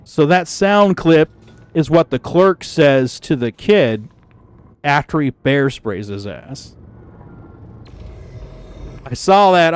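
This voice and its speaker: A man casually chatting with his stream viewers, telling a story in an animated, profane way and laughing easily. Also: a little high, smooth, no echo. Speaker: gaming livestreamer.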